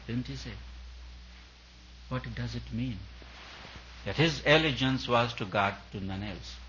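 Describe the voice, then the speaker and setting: A man with a lowish voice preaches in an emphatic, repetitive rhythm, stacking phrase on phrase. The recording is dull and lo-fi, with a faint hum underneath. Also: a bit bright. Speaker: spiritual teacher. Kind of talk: sermon.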